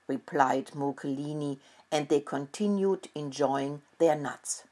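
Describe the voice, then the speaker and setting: A middle-aged woman reads a children's story aloud in a slow, gentle manner. Her voice sits low and has a soft, husky texture.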